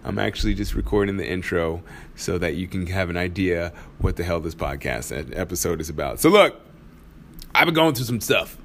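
A man's voice: low voice, expressive, fairly quick, a bit bright, slight background noise. Laid-back man hosting a podcast. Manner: laid-back, laughs often, slangy. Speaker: podcast host. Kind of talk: casual podcast monologue. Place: studio.

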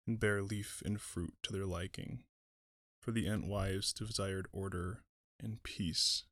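A man voicing an ancient, sorrowful tree-giant in an audiobook, speaking slowly and deliberately in a musing way. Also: low-pitched, gravelly, a bit bright, dry recording, clean studio sound, heavily acted. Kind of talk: audiobook reading.

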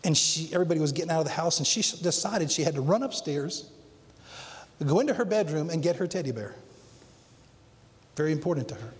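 A middle-aged man preaching a sermon as pastor, acting out quotes dramatically and swinging between loud emphatic peaks and quiet low lines. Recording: long hall reverb.

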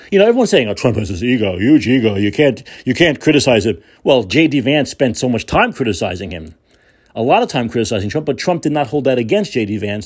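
A man's voice: mid-range voice, a little mellow, slightly rough. A man hosting a political talk show, delivering an angry, sarcastic and profane rant.

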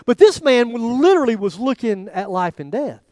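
A man preaches with a high, light voice, telling a personal story. His delivery rises to loud emphasis and drops almost to a murmur. The sound is dry and close. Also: moderate pace, no room sound. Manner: animated storytelling, voice rising and dropping to near quiet. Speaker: pastor. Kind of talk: sermon.

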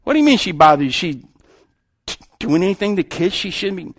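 A preacher voicing a firm, questioning pastor. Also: male voice, high voice, big pitch swings, brisk, voice pushed up. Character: firm male pastor in charge.

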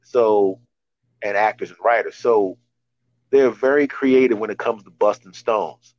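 A man's voice: lowish voice, a little slow, no room sound. Fifty-something guy rambling through a story, lots of restarts, dull dry mic. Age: 50s. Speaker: podcast host. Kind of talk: casual podcast chat.

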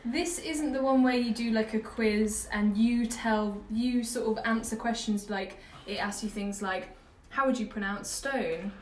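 A woman's voice: on the high side, steady tone, a little slow, hardly any pauses, a little mellow, a little hiss or hum. Playful woman in an echoey room. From Coventry, England. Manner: playful, laughs easily. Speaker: podcast co-host. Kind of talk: casual chat.

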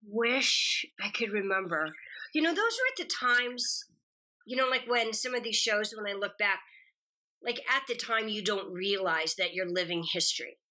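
Bright, animated woman telling stories. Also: mid-range voice, normal speed. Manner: animated storyteller acting out quotes. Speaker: guest actress. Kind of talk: casual interview chat.

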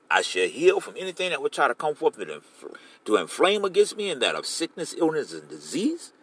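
Animated high-voiced man preaching. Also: slightly rough. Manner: animated preaching, paraphrasing scripture in casual street talk. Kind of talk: sermon.

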